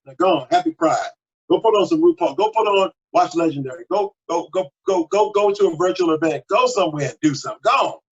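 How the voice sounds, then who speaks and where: A man preaching a sermon as pastor, animated and exhortative, breaking into sudden high exclamations. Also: husky, highs cut off. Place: at home.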